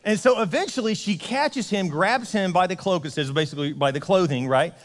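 A pastor with a high voice tells a story in a loose, joking way and keeps slipping into the characters' voices. His talk rings out with the long reverb of a church hall. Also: a little fast. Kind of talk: casual comedic sermon. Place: church sanctuary.

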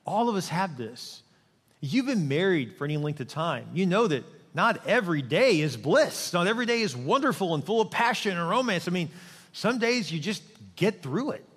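A man's voice: on the high side, a bit bright, slightly rough, long reverb tail. Joking, conversational male pastor preaching. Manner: conversational, humorous, asks the congregation questions. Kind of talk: sermon. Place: church sanctuary.

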